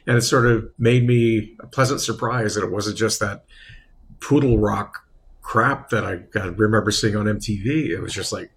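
Male radio guest, husky, gravelly voice, halting storyteller. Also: on the low side, fairly bright tone. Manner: halting, reflective storyteller with many restarts. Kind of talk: casual radio chat.

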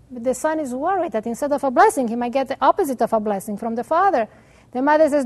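Woman teaching a bible story, high voice, lively storyteller, hebrew words here and there. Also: fast. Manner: animated storyteller, uses Hebrew terms. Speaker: religious teacher. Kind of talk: storytelling lesson.

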